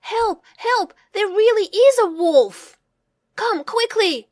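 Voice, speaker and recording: A bored, mischievous young shepherd boy, as a woman puts him on in a storybook reading. The voice is high and very lively, swooping up into shouted cries for help. It is recorded close and dry. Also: a little slow, no room sound. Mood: shouting.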